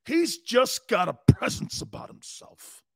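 A man mimicking a pompous old male sportscaster who gushes in a slow, drawn-out, fawning way. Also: extremely high pitch, very animated, creaky, dry recording, studio quality, pitched above the performer's own voice, full character voice. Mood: gushing.

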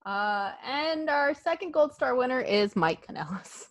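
A woman co-hosting a casual podcast, slow and unhurried but swinging her pitch widely as she jokes and acts out quotes. Her voice sits a little high. The recording is dry and close. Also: no echo. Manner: animated, laughing often, acting out quotes. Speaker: podcast co-host. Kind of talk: casual wrestling podcast chat.

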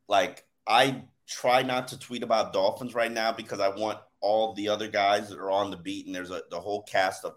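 A man hosting a sports podcast, talking in an animated, emphatic way in casual chat about football. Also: lowish voice. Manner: animated, emphatic, laughs while telling stories. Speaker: sports podcast host and former beat reporter.

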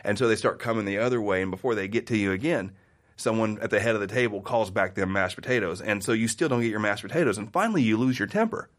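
A man's voice: on the low side, fast. A man from the American Midwest, a guest in a casual conversation, telling stories animatedly. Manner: animated storyteller who acts out quoted voices.

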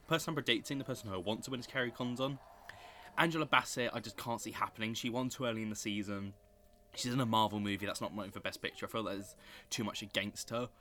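A young man giving opinionated live reaction commentary on an awards show, excitable and prone to loud outbursts. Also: mid-range voice.

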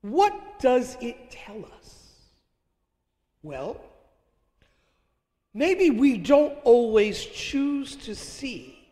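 An older man, a priest, giving a homily with slow, deliberate delivery and reflective pauses. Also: very high voice, sing-song, mellow. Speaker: Catholic priest. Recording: long hall reverb.

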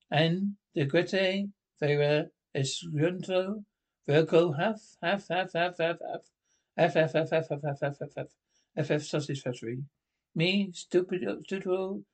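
An actor playing a foreign television newsreader who speaks in made-up gibberish, in a sketch comedy show. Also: male voice, fairly high pitch, a little mellow. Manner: rapid mock-foreign gibberish delivered like a bulletin.

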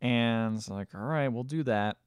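A man's voice: mid-range voice, a little slow, clear, resonant tone, dry recording, clean studio sound. A man casually retelling a movie plot on a podcast, acting out the characters' lines as he goes. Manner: animated retelling, acts out quoted lines. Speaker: podcast co-host. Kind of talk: casual movie recap chat.

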